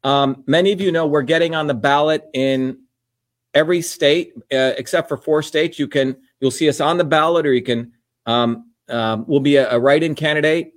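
An older man from India talks in a combative, emphatic run. His pitch sits a touch high, and he hammers the same points again and again. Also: fairly even intonation, normal speed. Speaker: podcast host and candidate. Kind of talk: casual political monologue.

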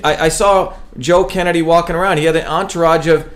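A man's voice: on the high side, steady tone, a little fast. A man from India running for office, speaking emphatically to camera and often stumbling on and repeating his words. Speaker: political candidate hosting a web show. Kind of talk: campaign talk to camera.

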